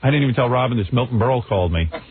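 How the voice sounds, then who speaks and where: A man's voice: medium pitch, lively intonation, racing, vocal fry. A man hosting a radio show, trading jokes and telling stories in casual banter, laughing often. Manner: joking, storytelling, laughs often. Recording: narrow phone-like radio broadcast.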